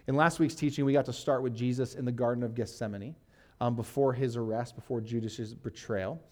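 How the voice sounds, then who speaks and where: A man pastor teaching a sermon in a relaxed, conversational way, reading scripture aloud and often saying "like". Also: mid-range voice, a little fast. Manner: casual, uses "like" and fillers, reads scripture aloud.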